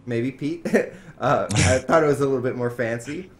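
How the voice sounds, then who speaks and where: Male podcast host, from wisconsin, excitable, swears a lot, casual chat. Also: medium pitch, normal speed.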